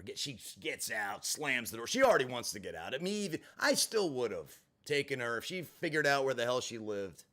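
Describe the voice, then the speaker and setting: With a medium-pitched voice at a normal speed, the man delivers an animated storytelling monologue for his vlog. Profanity flows freely, along with sarcastic asides and plenty of expression.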